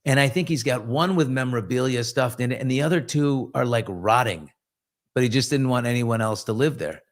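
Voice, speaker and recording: A middle-aged man hosting a relaxed morning chat, with a voice of ordinary pitch. He reads viewer comments and slides into long, joking anecdotes full of asides and restarts. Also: a little fast. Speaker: host. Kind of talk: casual live show chat and storytelling.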